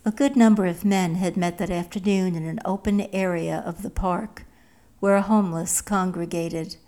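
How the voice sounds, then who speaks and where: A woman narrating a first-person story in a slow, measured way. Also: fairly low pitch, fairly even intonation, dark tone.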